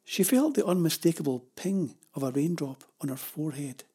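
A narrator reading a children's adventure story in a steady, measured way, with a husky voice. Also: mid-range voice.

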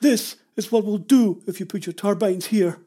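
A man's voice: high-pitched, normal speed, mellow, pitched above the performer's own voice. A man reading a story aloud, voicing a thin, grey-haired posh older woman who speaks shrilly and with resentment. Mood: bitter.

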